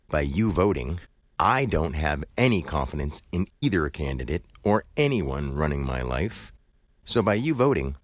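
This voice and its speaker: A shop worker recounting a run-in with a customer in an argumentative, ranting way. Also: male voice, sits low, no echo, clean studio sound. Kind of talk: recounting a story to camera.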